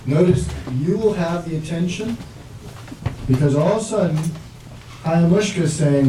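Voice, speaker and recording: Guy running a parenting workshop, kinda high voice, echoey room, mic far off with background noise. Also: normal speed, long pauses. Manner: animated, acts out parent and child lines. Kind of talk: interactive workshop talk.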